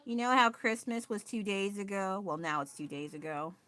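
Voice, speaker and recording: A woman's voice: mid-range voice, expressive, moderate pace, a bit bright, no room sound. A woman chatting casually on a livestream from home, ranting with frequent laughs and swearing. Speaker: livestreamer and painter. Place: at home with her child nearby.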